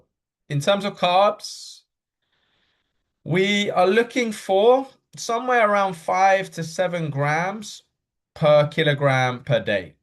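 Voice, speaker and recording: A man coaching runners in a live online session, talking quickly and casually with fillers and frequent okays. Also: high voice. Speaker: running coach. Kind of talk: live online workshop talk.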